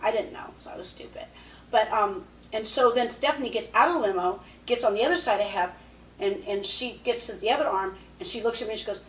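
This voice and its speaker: Chatty woman guest, slightly higher voice, roomy echo, off-mic. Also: fast, distant mic, a little hiss or hum. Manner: chatty, acts out quotes. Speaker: podcast guest. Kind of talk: casual storytelling.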